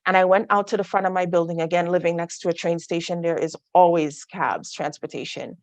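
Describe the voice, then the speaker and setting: A woman with a lowish voice tells her own story in a personal testimony talk, turning now and then to her listeners with asides. The sound is dry and close, as on a video call. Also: fairly even intonation, a little fast, no room sound. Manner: candid storytelling with asides to the audience. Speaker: guest speaker.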